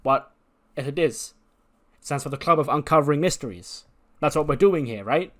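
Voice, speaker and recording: A man's voice: fairly high pitch, expressive, moderate pace, fairly bright tone, voice pushed up. A man doing a rambling, sheepish young wrestler. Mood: eager.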